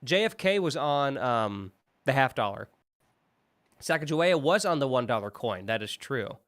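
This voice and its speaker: A man hosting a casual live stream, joking and chatting in an animated way while watching old commercials. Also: mid-range voice, moderate pace. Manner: animated, jokey, apologetic asides. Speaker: stream host.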